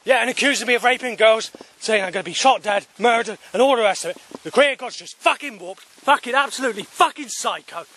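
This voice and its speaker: A man in a furious, yelling rant, swearing heavily as he loses his temper. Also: very high-pitched, fast talker, breathy edge. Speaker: vlogger. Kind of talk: shouted rant.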